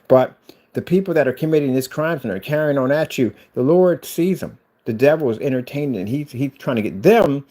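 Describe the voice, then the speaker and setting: A man talking fast and eagerly, his delivery full of energy. He jumps from a casual vlog tour of his room into fervent preaching at his viewers, in a plain mid-pitched voice. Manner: fast, excited, with religious exhortation. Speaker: vlogger showing his studio build.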